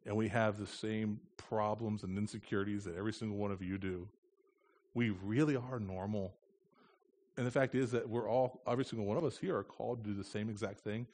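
A man's voice: on the low side, a little fast, darkish tone. A man from the United States, a missionary preaching in a church, speaking in an earnest, plain-spoken way with touches of light humor. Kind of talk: conversational sermon.

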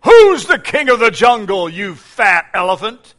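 A man voicing a proud, boastful male lion in a told story, with loud, blustering demands. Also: high voice, very animated, measured pace, voice pushed up, exaggerated voice.

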